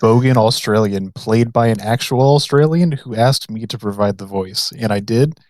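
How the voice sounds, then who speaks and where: An American man being interviewed on a podcast, telling his story in a relaxed, modest way. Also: lowish voice, normal speed. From United States. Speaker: podcast guest.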